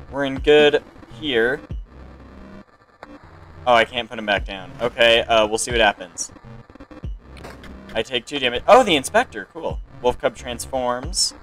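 A man playing a card game on his channel and thinking out loud, with sudden excited outbursts between calm remarks. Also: mid-range voice, rough recording. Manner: excitable reactions and self-talk. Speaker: gaming channel host. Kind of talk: let's play commentary.

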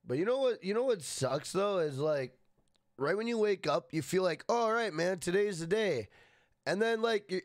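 A man's voice: sits high, no room sound, clean studio sound. A man casually live-streaming a game, greeting chatters by name and swearing freely.

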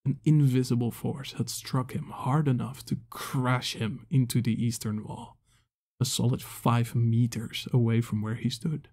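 Gravelly male fantasy narrator. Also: mid-range voice, fairly even intonation, a little mellow. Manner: measured storytelling delivery. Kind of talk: scripted narration.

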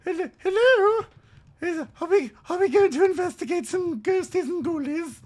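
A man doing a high, sing-song lady ghost hunter, grand and theatrical. She gushes over her companion and swoops all over her register, loud and showy. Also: lively intonation, moderate pace. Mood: excited. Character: gushing posh female ghost hunter.

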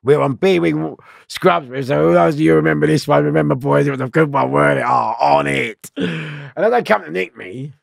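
Gravelly man spinning slangy yarns. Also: fairly high pitch, normal speed, no echo, clean studio sound. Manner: rambling, slangy, laughs and swears often. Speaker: guest telling prison stories. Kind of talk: casual storytelling interview.

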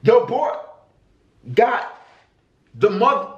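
Theatrical man with wild pitch swings. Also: very animated, extremely slow, reverberant, lo-fi sound. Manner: theatrical, swinging between high squeals and low mutters; profane, blunt and teasing. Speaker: YouTuber reading viewer confessions. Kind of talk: casual reaction vlog.

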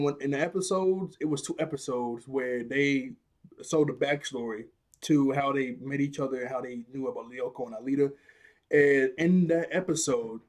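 A young man with a medium-pitched voice casually recaps and reviews a cartoon episode. He is animated and slangy, laughing often as he retells the scenes.

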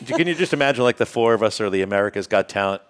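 A man's voice: fairly low pitch, expressive, racing. A man co-hosting a casual talk show, joking and laughing often. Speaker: podcast co-host. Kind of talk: casual chat. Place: outdoors on a golf course.

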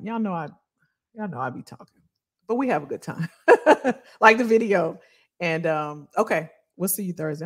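Chatty lady coach talking to her livestream viewers, says y'all a lot, a bit low-pitched. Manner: chatty, laughs often, addresses viewers as y'all. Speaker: career coach. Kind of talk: casual livestream chat with viewers.

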